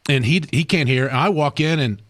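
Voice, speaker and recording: A man's voice: a little high, moderate pace, a bit bright. A man hosting a radio show who tells a story casually and animatedly, laughing and acting out other voices.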